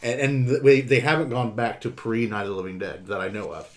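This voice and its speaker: A man's voice: medium pitch, a little fast. Man ranting casually on a podcast. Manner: emphatic, ranting, swears. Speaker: podcast co-host. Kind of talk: casual chat.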